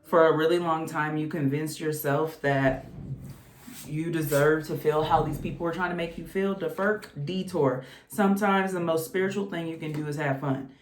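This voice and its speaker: A woman's voice: sits low, steady tone, moderate pace, a little hiss or hum. A woman casually reading tarot cards, chatty and exclamatory. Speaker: tarot reader. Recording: echoey room.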